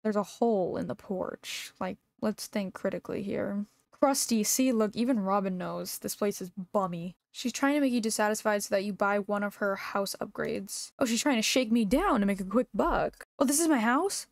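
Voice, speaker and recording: A woman's voice: medium pitch, normal speed, creaky, no room sound, clean studio sound. A young adult woman giving playful, sassy, joking commentary as she plays a farming game for the first time. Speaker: gaming YouTuber. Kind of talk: casual gameplay commentary.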